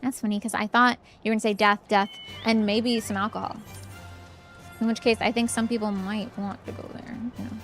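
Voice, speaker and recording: A woman's voice: medium pitch, level tone, brisk, faint music behind. A young woman streamer giving casual, chatty commentary while playing a game, with giggly asides.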